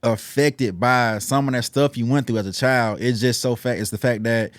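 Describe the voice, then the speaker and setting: A man's voice: medium pitch, normal speed, no room sound, studio quality. Laid-back male podcast host. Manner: relaxed, slangy, frequent affirming interjections. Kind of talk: casual interview chat.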